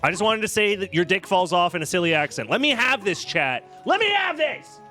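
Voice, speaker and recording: A man's voice: high-pitched, lively intonation, fast talker, pushed and bright, faint music behind. An American man commentating a live-stream game run, joking and sarcastic as he chats with viewers. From United States.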